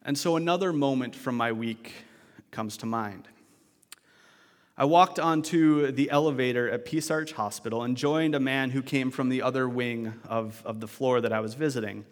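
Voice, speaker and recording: Male pastor, reflective and conversational, average pitch, recorded with long reverb in a church sanctuary. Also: normal speed. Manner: conversational and reflective, with restarts and asides. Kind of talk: sermon.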